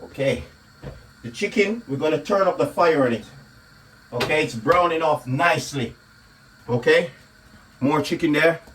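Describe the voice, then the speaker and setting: A man's voice: a little high, normal speed, pauses often, fairly bright tone, slight background noise. A man talking casually through a home cooking video, often checking in with "okay?" as he explains. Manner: chatty, repeats "okay?" often. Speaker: comedian and cooking vlogger. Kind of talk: casual cooking vlog chat. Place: home kitchen.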